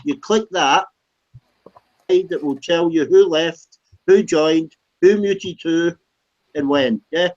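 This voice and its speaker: A man's voice: fairly high pitch, takes it slowly, pauses often, a little mellow, muffled recording. A man, a regular in a live voice chat, talking bluntly and swearing hard. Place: at home, lying down.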